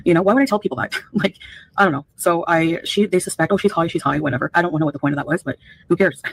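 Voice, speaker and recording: A woman from Canada talks fast and indignantly as she defends herself on a live stream. Her voice is husky and fairly low. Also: poor audio.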